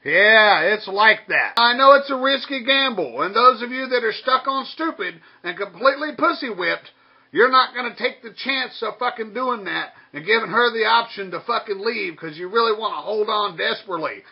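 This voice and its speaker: A man's voice: high voice, animated, moderate pace, breathy edge, lo-fi sound. A man delivering a blunt, heated, profanity-filled rant as a vlogger. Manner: blunt, crude, heated, swears constantly. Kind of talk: profane ranting monologue.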